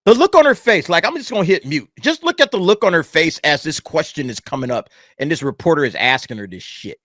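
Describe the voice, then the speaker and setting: A man hosting a reaction commentary, swearing freely and answering the clip as it plays. His voice sits high and bright. It swings widely in pitch, recorded close in a dry, dead room. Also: fast talker, no room sound. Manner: animated, profane, talks back to clips. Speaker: commentary channel host.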